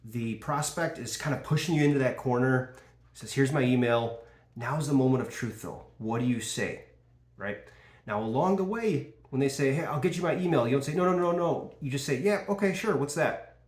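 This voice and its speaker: Male sales coach, casual and animated, acts out call dialogue, average pitch, echoey room. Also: normal speed. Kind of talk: sales training talk.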